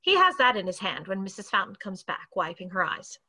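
Bright-voiced woman narrator. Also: mid-range voice, very animated, brisk. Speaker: narrator reading stage directions. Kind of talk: scripted narration.

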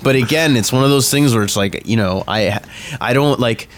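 A man chatting on a podcast, eager and halting, restarting his sentences as he lists achievements. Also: mid-range voice. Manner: enthusiastic, halting restarts while listing facts. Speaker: podcast co-host. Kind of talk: casual chat.

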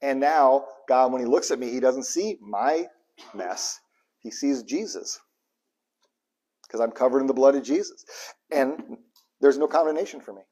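Preacher, male, husky and a bit breathy, impassioned, chuckles between points. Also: mid-range voice, moderate pace, long pauses. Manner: impassioned preaching, swings from hushed to loud bursts; chuckles between points, repeats lines for emphasis. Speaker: pastor. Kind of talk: live sermon.

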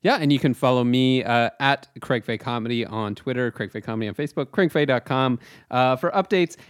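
A man hosting a comedy podcast, chatting in an easygoing, agreeable way and then wrapping up the episode with a brisk sign-off. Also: mid-range voice, no room sound, studio quality. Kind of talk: casual podcast chat and sign-off.

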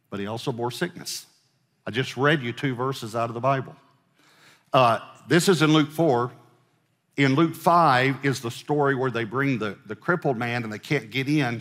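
A man preaching a sermon as pastor, pressing questions on the congregation and slowing down to read scripture. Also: mid-range voice, fairly bright tone. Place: church auditorium. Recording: long hall reverb.

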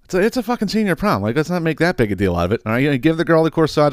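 Profane, animated man ranting. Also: fairly high pitch, rapid-fire, hardly any pauses, no echo, clean studio sound. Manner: profane, animated, laughs at his own stories. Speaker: podcast host. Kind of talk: casual comedic rant.

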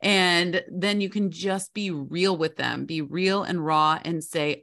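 A woman's voice: on the low side, takes it slowly, gravelly, hardly any pauses, a bit bright. A middle-aged woman, a guest expert on a podcast, giving confident parenting advice and often checking in with "right?".

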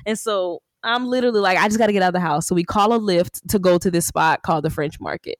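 A woman's voice: lowish voice, fast talker, no room sound. A woman podcast host telling a story in casual chat, acting out what people said, with lots of "like". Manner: animated storyteller acting out quotes, frequent "like".

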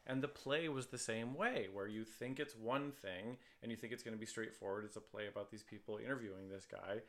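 A man talks in a bright, forceful tone that sits a little low. He rambles eagerly through long explanations, chatting casually on a podcast. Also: a little fast. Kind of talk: casual chat.

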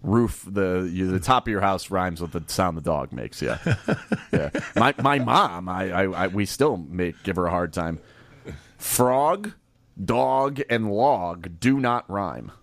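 A man's voice: low-pitched, animated, a little slow, fairly bright tone, no room sound. A man co-hosting a sports talk show, blunt and wry in casual banter. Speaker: sports radio co-host.

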